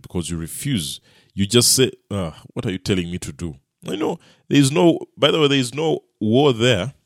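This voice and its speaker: Man, preacher, Bible teaching sermon, emphatic, sinks low and quiet on key lines, mid-pitched voice, dry close recording. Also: dry recording. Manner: emphatic, drops low and soft on key phrases.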